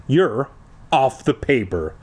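A man's voice: medium pitch, sing-song, takes it slowly, a little mellow, breathy edge, heavily acted. A man voicing a furious, bossy schoolgirl editor who shrieks and scolds.

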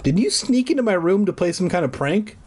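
A man's voice: high voice, very animated, brisk, pitched above the performer's own voice. A man voicing a scared young girl who questions her brother sharply. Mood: demanding. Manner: sharp, demanding. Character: frightened, stern young girl.

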